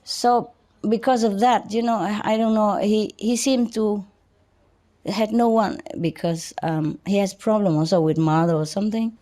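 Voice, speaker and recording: Woman teacher, mid-pitched, chatty, halting storytelling full of restarts and light laughter. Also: fairly even intonation, mellow. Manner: halting, many restarts and chuckles. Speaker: spiritual teacher. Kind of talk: personal storytelling to an audience.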